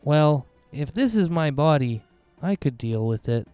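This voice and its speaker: A man playing a soul newly bound into a mechanical body, talking in a flat, robotic monotone. The tone is mellow and smooth, and the sound is dry and close with faint music behind. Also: a little high, unhurried, no echo.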